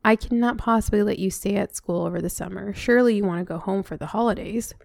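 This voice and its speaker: A woman reading aloud as a kindly old male wizard headmaster who speaks gently and sympathetically. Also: mid-range voice, quick pace, vocal fry, no room sound, studio quality, natural voice.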